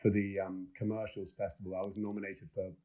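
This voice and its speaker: With a deep, fairly flat voice and a quick pace, a middle-aged man who directs films rambles through eager stories as a podcast guest, often starting over. The audio is dull and lo-fi.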